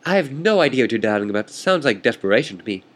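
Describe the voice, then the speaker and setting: A man's voice: mid-range voice, sing-song, quick pace. A man voicing a smug male chess player who taunts his opponent in a theatrical, condescending manner.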